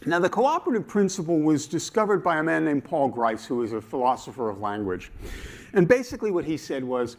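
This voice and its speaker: A man giving a talk at a conference, animated and playful, acting out his examples as he explains them. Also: on the high side, a little fast. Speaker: conference speaker.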